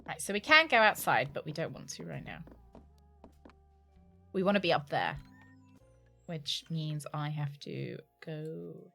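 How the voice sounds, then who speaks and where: A woman's voice: low-pitched, big pitch swings, a little slow, vocal fry, long pauses, a bit bright, faint music behind. A young woman with a British accent chatting playfully with her viewers while streaming a game. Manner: chatty, playful, teasing banter with chat. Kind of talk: casual let's-play chat.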